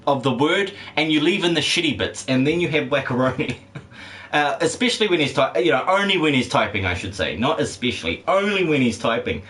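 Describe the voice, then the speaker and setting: A man's voice: on the high side, expressive, a little fast, a bit bright. Rambling, joking male game streamer. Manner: rambling, jokey, swears and laughs often. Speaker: game streamer reading chat. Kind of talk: casual live-stream chat.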